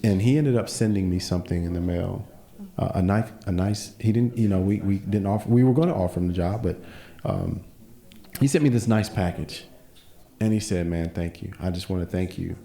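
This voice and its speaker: A man's voice: deep voice, fairly quick, gravelly, warm tone, reverberant. A man co-hosting a casual podcast conversation, telling earnest stories and speaking about his faith. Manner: earnest storytelling with faith talk. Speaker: podcast co-host.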